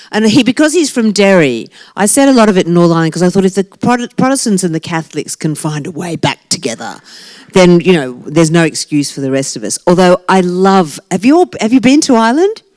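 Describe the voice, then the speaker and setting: A woman's voice: lowish voice, no echo. A woman in her sixties, an author talking to a live audience in a brash, joking way and laughing often. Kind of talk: lively talk to a live audience. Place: library talk event.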